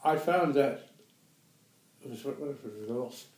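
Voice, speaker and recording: A man's voice: mid-range voice, normal speed, a little mellow, roomy sound, rough recording. An actor in his eighties with a New Zealand accent, reminiscing in an interview with chuckles and rambling self-corrections. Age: 80s. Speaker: guest actor.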